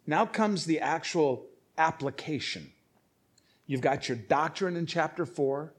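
A man's voice: a little high, unhurried. A man preaching a sermon, emphatic, with frequent repeated words and restarts. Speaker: pastor.

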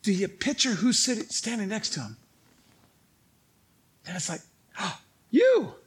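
A male pastor preaching a sermon, telling stories in an animated way and acting out other people's lines, laughing at his own stories. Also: high-pitched, normal speed, breathy edge.

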